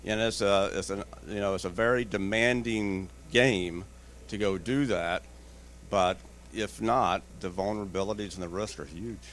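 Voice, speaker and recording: A man speaking on a conference panel, his voice sitting a little low. He tells blunt, joking stories and acts out what people said to him. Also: moderate pace, a bit bright, slight background noise. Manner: storytelling, acts out dialogue in quotes. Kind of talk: panel discussion. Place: conference stage.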